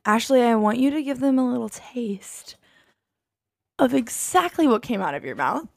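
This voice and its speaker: A woman's voice: on the high side, expressive, moderate pace, vocal fry, darkish tone, no echo. Bubbly woman podcast co-host, dry sound. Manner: bubbly and laughing often. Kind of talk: casual chat.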